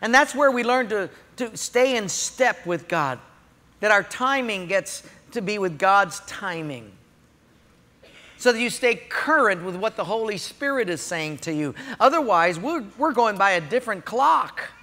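A man preaching a sermon, telling a story in an animated way and acting out the quotes. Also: sits high, a little slow, in a large hall. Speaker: pastor.

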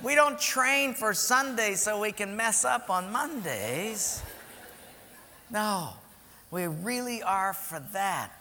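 Male pastor, high bright voice with gravel, animated sermon storytelling. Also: slow, long reverb tail. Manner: animated storytelling, swings loud and soft.

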